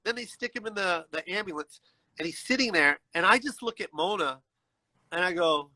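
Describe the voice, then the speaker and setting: A man telling a personal story as a guest on a livestreamed video call, animated and acting out the people in it, often checking in with "you know what I mean.". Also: high voice, normal speed, no room sound, low-quality recording. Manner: animated, acts out voices in his story.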